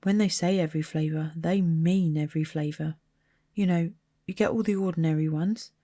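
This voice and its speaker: A woman's voice: lowish voice, creaky, warm tone, no room sound, clean studio sound. A woman voicing a cheeky, chatty young schoolboy in a read-aloud storybook. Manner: chatty, blunt.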